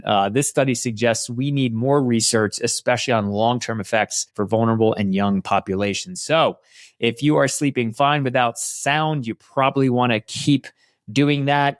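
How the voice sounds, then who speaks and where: A man's voice: mid-range voice, dry recording, clean studio sound. Chatty man hosting a podcast. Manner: casual, chatty asides between read headlines. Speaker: podcast host. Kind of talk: health news roundup.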